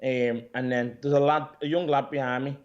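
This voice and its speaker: A man, an interview guest who owns a gym, retelling events in a rambling, animated way, swearing and calling people "mate". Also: medium pitch, normal speed. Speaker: interview guest, gym owner and pro bodybuilder. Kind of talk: casual storytelling interview. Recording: dull lo-fi audio.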